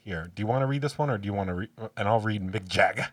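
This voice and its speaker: A man's voice: on the low side, quick pace, slightly rough, dry recording, distant mic. A man co-hosting a casual podcast, joking crudely and bantering. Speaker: podcast co-host. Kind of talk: casual chat.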